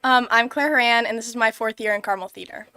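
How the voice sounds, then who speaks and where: A woman's voice: on the high side, fast, pushed and bright, clean tone, dry recording. A teenage girl from a school musical introducing herself and her role in a friendly way. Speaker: student actor guest. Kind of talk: interview answers.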